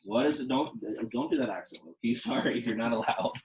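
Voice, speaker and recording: A man's voice: mid-range voice, expressive, a little fast, lo-fi sound, a little hiss or hum. A young man teaching a Latin class, speaking casually and quizzing his students with questions. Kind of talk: classroom lecture.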